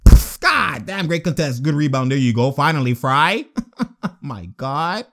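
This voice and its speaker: A young man calls a game as he watches it, his voice pitched high and swinging wildly up and down. He laughs constantly and shouts slangy exclamations between quick remarks on the play. It sounds like casual, loose reaction commentary. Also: expressive. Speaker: basketball reaction host.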